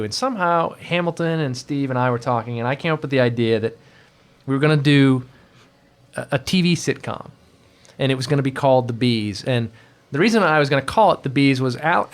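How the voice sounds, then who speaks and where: Man, casual podcast storytelling, rambling, laughs, mimics voices. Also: mid-range voice. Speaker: guest, environment artist.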